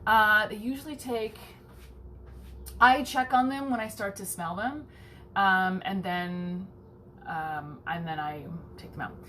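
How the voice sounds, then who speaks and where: A woman's voice: slow pace, slight background noise. A woman, a home baking vlogger, rambles through a casual story and acts out the people in it. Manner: chatty, animated, swears casually, acts out quoted people in a higher voice. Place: home kitchen.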